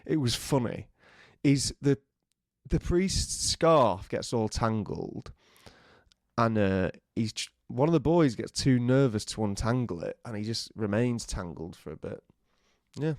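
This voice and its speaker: A man's voice: mid-range voice, unhurried, no echo. A man co-hosting a podcast, spinning a funny anecdote. He throws himself into it, acting out other people's voices and humming little tunes. The sound is dry and close to the mic. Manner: animated, acts out voices and sounds. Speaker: podcast co-host. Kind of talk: comic storytelling.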